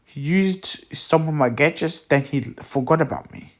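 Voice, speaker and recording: A man loosely voicing an excitable, bitter male scientist while retelling a story, with fillers. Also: fairly high pitch, measured pace, close to an everyday voice. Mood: earnest.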